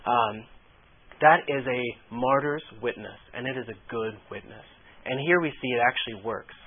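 A man's voice: mid-range voice, moderate pace, slight background noise. A man preaching a sermon, reading scripture aloud and explaining it in an earnest, repetitive way. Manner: earnest, explanatory, repeats key phrases. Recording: tinny phone-like radio line.

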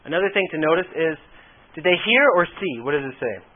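A man's voice: fairly high pitch, expressive, brisk. A man preaching a sermon, reading scripture aloud and explaining it in an earnest, repetitive way. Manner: earnest, explanatory, repeats key phrases. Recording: tinny phone-like radio line.

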